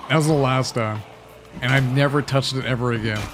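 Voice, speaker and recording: A man talks casually through a gaming livestream, rambling and swearing. He cheers at the game now and then. His pitch sits in the middle, and soft music plays underneath. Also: steady tone, brisk. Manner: loose, chatty and profane, cheering at the game. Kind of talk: casual chat over gameplay.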